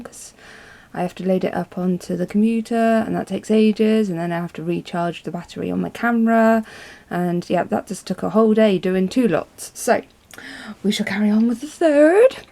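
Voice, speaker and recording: Brief: chatty woman vlogger, mid-pitched with vocal fry, lots of ums. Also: mellow. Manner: chatty and rambling, many ums. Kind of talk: casual storytelling vlog.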